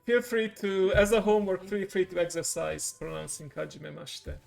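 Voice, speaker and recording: A man's voice: high-pitched, level tone, normal speed, creaky. A man hosting a casual online language lesson, explaining patiently and encouraging his students. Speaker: language teacher and stream host. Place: online voice call on a livestream.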